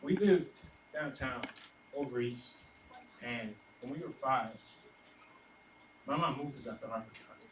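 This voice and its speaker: A man's voice: mid-range voice, fairly bright tone. Choked-up young man speaking off the cuff. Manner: halting, choked up with emotion. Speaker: speaker's son. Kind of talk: unprepared personal speech. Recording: echoey hall, distant mic, room noise.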